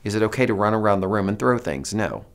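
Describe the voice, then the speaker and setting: A man giving a presentation to teachers, animated and demonstrative, coaxing the audience to repeat phrases. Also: fairly low pitch, fast talker. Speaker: teacher trainer.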